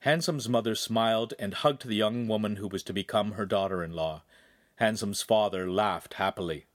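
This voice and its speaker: In scripted novel narration, a man reads aloud in a lowish voice, keeping his storytelling steady and measured. The audio is dry and of studio quality.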